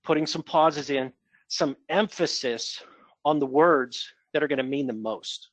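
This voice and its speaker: Sales trainer, male, slightly higher voice, dry close mic, coaching and demonstrating pitches. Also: a little slow, no echo. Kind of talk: coaching a role-play call.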